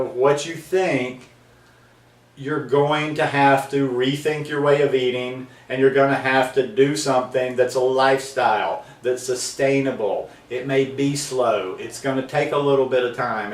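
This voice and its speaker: A man's voice: medium pitch, reverberant, recorded from a distance. A man hosting his own video blog, talking earnestly to camera in a rambling way with many ums and restarts. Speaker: vlog host. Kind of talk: casual talking-to-camera monologue.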